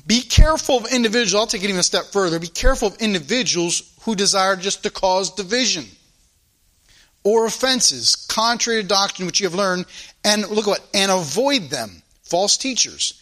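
A man preaching a sermon in a church as a pastor, swinging between loud emphasis and quiet asides, repeating phrases for emphasis. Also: sits high, lively intonation, normal speed. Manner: informal spoken grammar, repeats phrases for emphasis.

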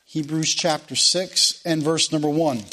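A man's voice: on the high side, fairly even intonation, measured pace, sharp tone. A man preaching a sermon, asking the congregation questions and reading scripture aloud. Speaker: pastor.

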